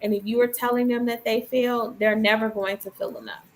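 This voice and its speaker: A woman's voice: on the high side, steady tone, fairly quick, slight background noise, poor audio. A woman co-hosting a casual podcast chat, speaking emphatically and with conviction. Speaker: podcast co-host.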